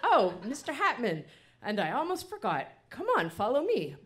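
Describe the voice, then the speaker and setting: A woman's voice: fairly high pitch, wildly swooping pitch, normal speed, fairly bright tone, voice pushed up. A woman voicing an earnest, chirpy schoolboy from a children's story. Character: eager helpful schoolboy.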